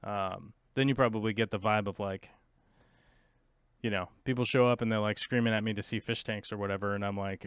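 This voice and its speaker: A rambling man chatting casually as a show host, his voice smooth and resonant. The sound is dry and close, with no room around it. He drifts between topics and pokes fun at himself. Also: fairly low pitch, fairly even intonation, fairly quick, no room sound. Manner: rambling, chatty, self-mocking. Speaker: podcast host. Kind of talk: casual livestream chat.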